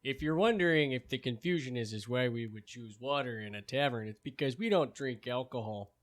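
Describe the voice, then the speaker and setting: A man's voice: mid-range voice, brisk. A man playing a tabletop game, speaking in character with dry, playful joking. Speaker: player. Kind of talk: tabletop role-play banter.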